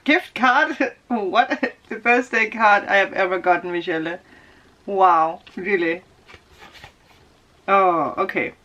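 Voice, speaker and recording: Giggly bright-voiced woman unboxing gifts. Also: mid-range voice, slow pace, long pauses, muffled recording. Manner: giggly, gushing, laughs often. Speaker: tarot vlogger. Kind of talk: casual unboxing vlog.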